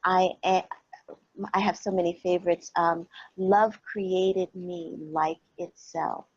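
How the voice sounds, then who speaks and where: A woman guest who is a calm coach, speaking gently and earnestly with spiritual blessings. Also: fairly low pitch, slow, breathy edge, dry recording, lo-fi sound. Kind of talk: casual talk show chat.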